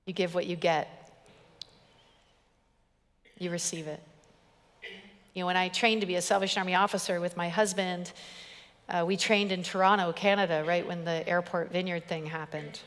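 A woman's voice: lowish voice, fairly even intonation, fairly quick, fairly bright tone, in a large hall. A woman preacher giving an emphatic sermon, building it with repeated phrases and humorous stories. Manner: emphatic, repetitive, storytelling with humor.

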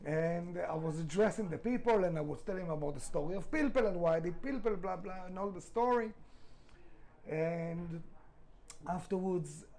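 A man's voice: high-pitched, normal speed, dark tone, rough recording. A middle-aged man, a restaurant founder, telling his story in a podcast interview, emphatic, swearing freely, with non-native grammar.

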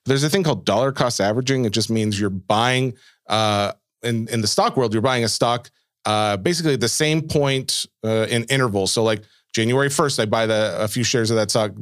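A man co-hosting a podcast in casual chat, reading listener mail aloud and answering in a relaxed way. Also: medium pitch, a little fast, dry recording, clean studio sound. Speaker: podcast co-host.

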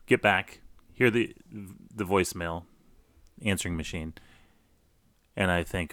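Deep-voiced man telling a story. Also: slow, long pauses, no room sound, clean studio sound. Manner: animated, with many restarts. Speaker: guest storyteller. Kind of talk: casual storytelling.

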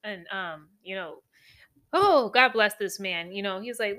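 Bright-voiced giggly woman co-host. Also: mid-range voice, animated, slow pace. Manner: giggly, playfully acts out quotes. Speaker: podcast co-host. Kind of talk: casual movie review chat.

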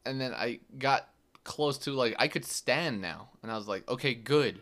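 A man's voice: medium pitch, measured pace, a bit bright. A young man hosting his own podcast, telling a story in a loose, casual way, full of fillers and swearing. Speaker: podcast host.

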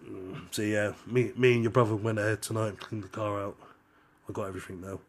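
A man co-hosting a podcast, telling a long story in casual chat, animated, swearing often and laughing as he talks. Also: fairly low pitch, fast. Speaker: podcast co-host.

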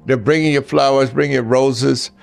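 A man's voice: medium pitch, steady tone, moderate pace, creaky, faint music behind. An older man giving blunt relationship advice in a casual monologue, talking straight to the men listening and telling stories along the way. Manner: blunt, storytelling, talks straight to the guys.

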